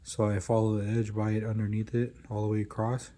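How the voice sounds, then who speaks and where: A man's voice: lowish voice, completely flat delivery, brisk, mellow. A man narrating his caulking work in a laid-back, casual way, swearing often as he goes, recorded on smart glasses. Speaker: caulking tradesman.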